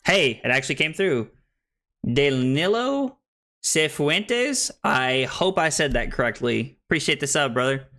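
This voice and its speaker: A man's voice: fairly high pitch, sing-song, measured pace, pushed and bright. A young American man casually commenting on his card game stream, thinking aloud with many restarts. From United States.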